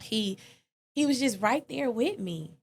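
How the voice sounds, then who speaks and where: A woman guest talking openly in an interview, animated and emotional, with casual slang and quoted lines that leap up in pitch. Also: a little slow, slightly rough. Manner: animated, expressive, acts out quoted lines with sudden high pitch. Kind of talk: candid conversational interview.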